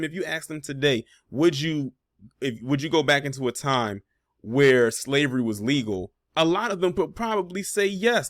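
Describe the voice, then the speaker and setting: A man's voice: a little high, a bit bright, no echo, clean studio sound. A man hosting a reaction commentary video, talking casually and pointedly, with sarcastic asides and frequent fillers.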